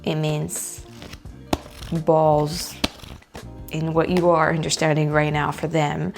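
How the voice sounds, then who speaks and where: Chatty French woman, lowish voice. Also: takes it slowly, creaky, music in the background. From France. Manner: chatty and animated, with many likes and restarts. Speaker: vlogger. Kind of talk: casual vlog chat.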